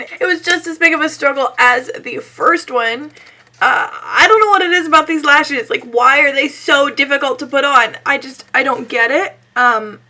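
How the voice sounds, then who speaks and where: A young woman with a high, bright voice that has gone scratchy and hoarse from being sick. She chats her way through a makeup tutorial in a loose, self-deprecating way, leaning on "like" as she goes. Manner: chatty, self-deprecating, frequent "like". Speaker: beauty vlogger. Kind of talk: casual makeup tutorial chat.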